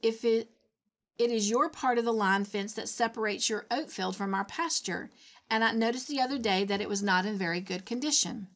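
A woman's voice: medium pitch, moderate pace, fairly bright tone, lightly acted. A woman voicing a polite young girl who speaks with careful dignity and firmness. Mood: firm. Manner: dignified, firm.

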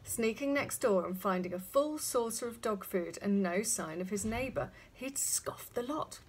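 A woman reading a children's story aloud, speaking gently and addressing young listeners directly. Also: medium pitch, normal speed, slight background noise.

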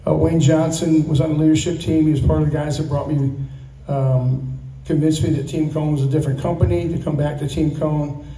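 A man's voice: fairly high pitch, little pitch movement, a little fast, dark tone, far from the mic. Older man's rambling farewell speech, echoey room. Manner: rambling, storytelling, chuckling often. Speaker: retiree giving a farewell speech. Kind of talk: casual thank-you speech with anecdotes. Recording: echoey room, mic from afar.

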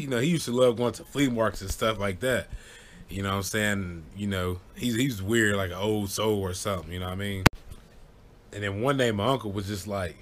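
A young man telling a childhood story in a relaxed, rambling vlog style, often checking in with "you know what I'm saying" and breaking into laughter. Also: on the low side, normal speed. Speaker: vlogger. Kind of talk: casual storytelling.

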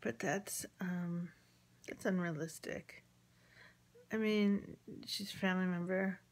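At home with chickens nearby, a woman with a lowish, steady, slow voice casually tells a personal story. She rambles with many ums, acts out the conversations she quotes, and sometimes drops to a near-whisper.

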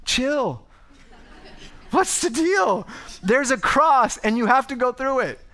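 A man's voice: extremely high pitch, very animated, slow pace, pushed and bright, voice pushed up, heavily acted. A man voicing a casual, laid-back Jesus in an acted quote during a sermon. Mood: casual, reassuring. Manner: breezy, buddy-like.

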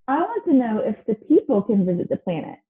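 A woman's voice: a little high, big pitch swings, a little fast, husky, phone-quality sound. A woman teacher reading a picture book aloud to her class, pointing things out and asking questions. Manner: guiding and questioning.

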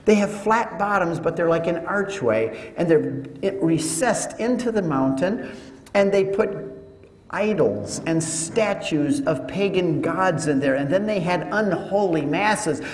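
A man giving a teaching talk to an audience, telling it as an animated story with joking asides. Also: high voice, unhurried, slight background noise. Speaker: Catholic speaker. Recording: echoey hall with long reverb.

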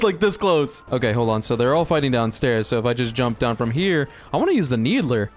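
Excitable young man, lively pitch. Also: fairly quick, few pauses, slight background noise. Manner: excitable, laughing, cursing at the game. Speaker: gaming YouTuber. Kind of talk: casual gameplay commentary. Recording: music heard behind. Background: game music and gunfire.

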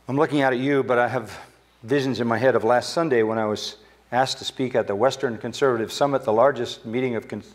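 Older man, pastor, emphatic sermon, middle pitch, church sanctuary. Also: a little mellow. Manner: emphatic preaching, rising sharply when quoting Scripture.

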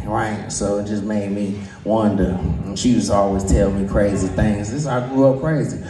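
A man doing a stand-up comedy set, who often laughs at his own jokes and jumps into high voices for the people he quotes. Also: lively intonation, normal speed, hardly any pauses, far from the mic, a crowd in the background. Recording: roomy sound from away from the mic.

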